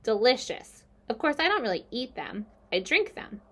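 A woman's voice: a little high, very animated, moderate pace. A woman voicing a clever female spider in a storybook reading, with a thin, pleasant voice and a composed, matter-of-fact way of talking. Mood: frank.

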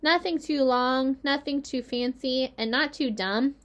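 A woman's voice: high voice, a little slow, a bit bright, pitched above the performer's own voice. A woman voicing a tiny, polite young female spider in a small, chirpy voice.

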